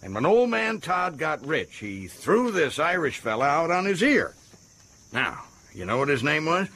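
An actor playing a boastful, folksy American prison governor in a radio drama, with an American accent. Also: male voice, fairly high pitch, big pitch swings, normal speed, pushed and bright, slight background noise, full character voice. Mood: chatty. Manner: boastful, folksy and self-satisfied.

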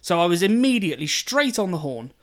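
A man co-hosting a podcast, telling a story in a casual, animated and exasperated way, swearing a lot and often repeating himself. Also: high voice, brisk. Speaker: podcast co-host.

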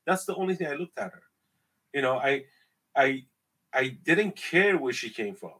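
A man's voice: mid-range voice, moderate pace, husky, rough recording. A man with an Iranian accent, a podcast guest telling stories in a casual, emphatic way. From Iran. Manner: animated, emphatic storytelling. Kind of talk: casual conversation.

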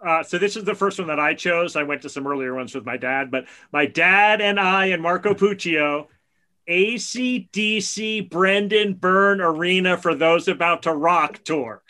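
A man's voice: high-pitched, normal speed, sharp tone. A man co-hosting a podcast, chatting casually and telling enthusiastic stories. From New Jersey area. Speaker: podcast co-host. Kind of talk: casual chat.

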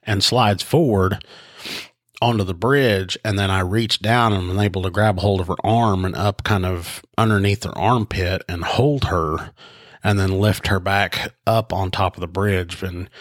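A man's voice: low voice, no echo, clean studio sound. A congested man, a sheriff's investigator and podcast host, telling a story casually with lots of fillers and restarts. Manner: rambling, with many fillers and restarts. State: congested, stuffed up.

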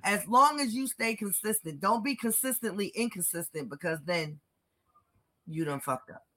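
A woman's voice: mid-range voice, lively intonation, moderate pace, bright, forceful tone. A woman in her thirties chatting casually as host, blunt and profane, telling stories with laughter. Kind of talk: casual chat.

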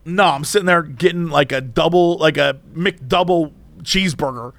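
A man's voice: a little high, moderate pace, gravelly, fairly bright tone, no room sound. A man co-hosting a podcast, animatedly retelling a story in casual chat with laughter. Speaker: podcast co-host.

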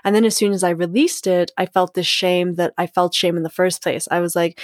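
A woman's voice: fairly low pitch, fairly quick, hardly any pauses, a little mellow, dry recording, studio quality. Candid woman hosting a solo podcast. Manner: reflective, candid, laughs often, acts out inner voices. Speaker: podcast host.

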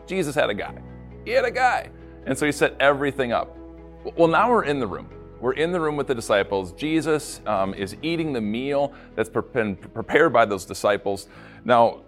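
Animated storytelling male pastor. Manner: animated storytelling, acts out quotes with big pitch jumps. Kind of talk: devotional podcast talk.

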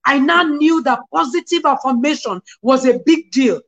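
A middle-aged woman, a guest on a video call, telling lively personal stories and quoting scripture. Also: high voice, moderate pace, lo-fi sound. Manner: animated storyteller, quotes scripture. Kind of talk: casual interview, personal testimony.

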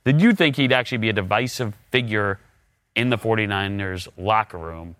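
Brief: male sports talk host, lowish voice, dry close mic, keeps the questions moving. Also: a bit bright, no room sound. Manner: steers the talk with quick questions, says "all right" a lot. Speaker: radio show host.

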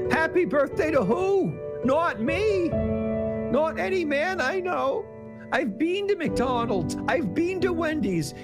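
A man doing a weepy gravelly Canadian pundit. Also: very high voice, exaggerated voice. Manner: mournful, apologetic rant. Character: mock gloomy male pundit, weepy and grumbling. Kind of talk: comedy sketch impression. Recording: loud music underneath.

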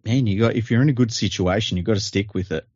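A man's voice: on the low side, a little mellow, slightly rough, no echo, highs cut off. Laid-back Australian man, dry sound. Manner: laid-back, halting with fillers. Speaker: podcast co-host. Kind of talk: casual sports chat.

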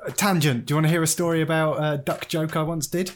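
A man's voice: a little high, steady tone, quick pace, very noisy. Man, podcast host, casual chat, storytelling, laughs a lot.

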